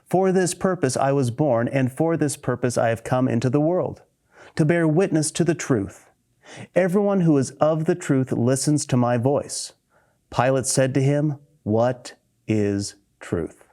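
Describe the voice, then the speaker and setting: Earnest male preacher with a mellow voice. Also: mid-range voice, a little slow. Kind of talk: sermon with scripture reading.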